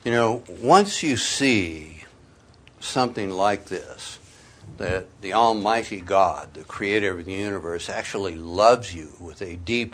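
A man preaching a sermon, telling his own conversion story in a folksy way, swinging from quiet asides to loud, emphatic peaks. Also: low voice. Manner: folksy, sprinkles in "you know" and "man". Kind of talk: sermon with personal testimony.

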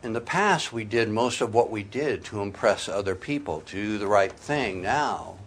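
A man preaching a sermon, telling his own conversion story in a folksy way, swinging from quiet asides to loud, emphatic peaks. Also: lowish voice, lively intonation, normal speed. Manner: folksy, sprinkles in "you know" and "man". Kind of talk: sermon with personal testimony.

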